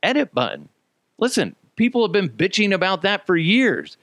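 Animated, profane male podcast host. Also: high-pitched, moderate pace, no room sound. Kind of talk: casual opinion talk.

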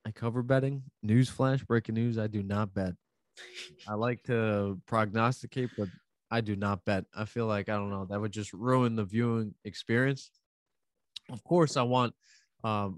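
A man's voice: fairly low pitch, steady tone, moderate pace, dry recording. A man co-hosting a casual podcast chat, telling stories in a profane, rambling way. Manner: profane, storytelling with rambling restarts. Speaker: podcast co-host covering MMA betting.

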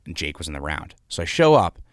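Podcast guest, male, low pitch, dry close sound, rambling storyteller. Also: quick pace, dry recording. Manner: animated, rambling anecdotes with fillers and swearing. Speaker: guest, founder of an artist house. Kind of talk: casual storytelling in an interview.

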